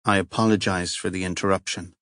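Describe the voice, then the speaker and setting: A narrator plays a wary male police inspector who keeps his words careful and clipped. His voice sits on the low side and sounds dry and close. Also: little pitch movement, fast talker, a bit bright, dry recording. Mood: guarded. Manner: cautious and clipped. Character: guarded, tense male police chief inspector.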